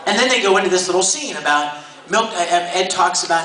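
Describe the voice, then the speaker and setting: Speaking fast in a high-pitched, pushed and bright voice, a male voice actor entertains a convention panel crowd with lively stories and plenty of laughter. The sound comes from a handheld camera in the audience, distant and noisy in an echoey hall.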